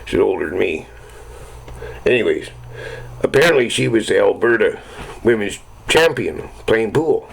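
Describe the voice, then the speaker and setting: A man's voice: fairly low pitch, animated, unhurried, vocal fry, long pauses, slightly rough, low-quality recording. A middle-aged man telling rambling, profane stories in casual chat. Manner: rambling, swears constantly, chuckles at own stories.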